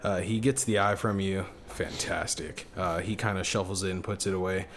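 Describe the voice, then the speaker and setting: A man narrating as game master, loose and halting, with frequent fillers. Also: sits low, steady tone, slight background noise.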